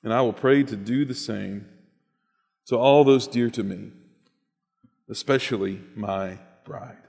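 An earnest man reads a personal story aloud in a reflective, unhurried manner. His voice sits at an ordinary middle pitch. A long reverb lingers after his words. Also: creaky, a little mellow, slightly rough. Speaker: host reading a written story aloud.

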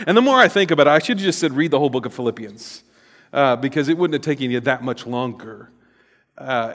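A middle-aged man preaching a sermon as a pastor, talking conversationally with fillers and restarts and rising into loud emphasis. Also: mid-range voice. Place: church sanctuary. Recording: long reverb of a large hall.

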